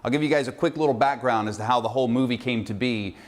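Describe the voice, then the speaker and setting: A filmmaker sending a casual video message to introduce a screening. He tells an animated, exasperated story. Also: mid-range voice, fast.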